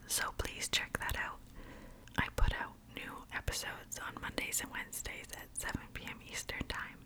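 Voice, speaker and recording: A woman hosting an ASMR podcast, chatting casually in a whisper while playing a video game in her bedroom. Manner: casual, chatty, laughs easily. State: a bit out of breath. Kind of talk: whispered ASMR gameplay chat.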